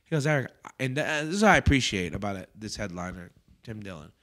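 A man's voice: on the low side, quick pace. Profane storytelling comedian, a man. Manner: profane, animated anecdote-telling with acted-out quotes. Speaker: comedian host. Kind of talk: casual podcast storytelling.

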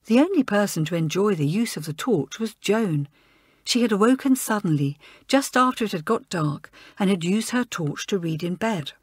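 Expressive woman audiobook narrator. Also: mid-range voice, normal speed, husky, dry recording, clean studio sound. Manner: expressive storytelling. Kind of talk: scripted narration.

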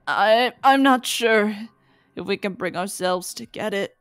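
Slow-talking woman streaming a game. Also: mid-range voice, clean tone, faint music behind. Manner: chatty, reacts aloud, mutters to herself. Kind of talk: live game commentary.

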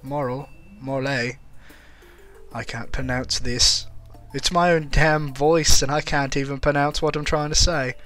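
A man's voice: a little high, fairly even intonation, normal speed, few pauses, a bit bright, soft background music. Man cracking self-mocking jokes. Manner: joking, self-mocking asides. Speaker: let's play narrator. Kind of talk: casual commentary.

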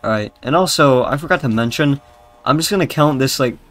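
A young British gaming YouTuber gives crude, rambling, jokey commentary while playing a zombie game, with faint music behind him. His mid-range voice is expressive and a bit bright, and he talks a little fast.

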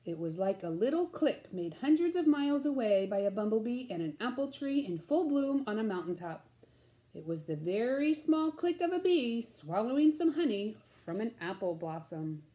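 A woman reading a children's story aloud in a gentle, sing-song, slow way. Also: a little high, sing-song.

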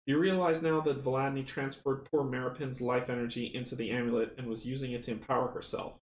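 A chatty, excitable man runs a board game session, counting rolls aloud and reading out story text. His pitch sits in a middle range. The room sounds echoey, with a faint hiss in the background. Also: a little fast. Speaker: tabletop game runner and player. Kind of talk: casual board game playthrough. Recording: roomy echo, faint noise.

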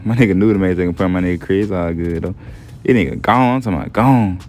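A man's voice: deep voice, fast talker, a little mellow, faint music behind. A young man casually narrating a game story in heavy slang, laid-back and profane, often asking "you feel me". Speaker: gameplay storyteller.

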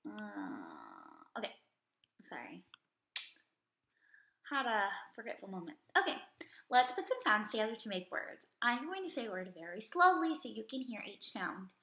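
A woman teaching first grade, reading a story and leading phonics with slow, clear, drawn-out words and questions for the children. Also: a little high, fairly bright tone, roomy sound. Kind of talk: recorded reading and phonics lesson.

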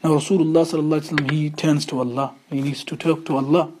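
A man's voice: on the high side, level tone, rapid-fire, darkish tone, slight background noise. Earnest man teaching a religious lesson. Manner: earnest storytelling with emphatic rhetorical questions. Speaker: Islamic studies teacher.

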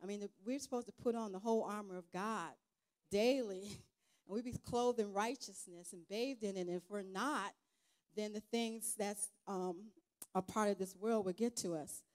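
Woman sharing a church testimony, earnest, kinda halting w lots of restarts, conversational. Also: medium pitch, a little mellow. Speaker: guest speaker. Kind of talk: informal testimony sermon.

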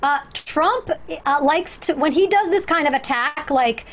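A woman comedian in a casual chat, making quick sardonic quips over a video call. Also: high voice, expressive, fairly bright tone. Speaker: comedian co-host.

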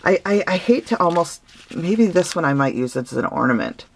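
Gushing woman with a low, gravelly voice. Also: very animated, moderate pace. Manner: gushing, sentimental, many fillers. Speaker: craft vlogger. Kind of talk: casual gift-opening vlog.

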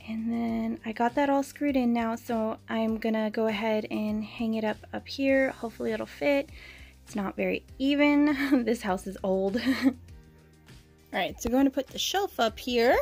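A woman's voice: fairly high pitch, fairly even intonation, unhurried, creaky, a little mellow, soft background music. A young woman chatting casually as she builds a plant shelf and shows her houseplants, laughing often as she talks. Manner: chatty and giggly, frequent small laughs. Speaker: plant vlogger. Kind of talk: casual DIY vlog narration.

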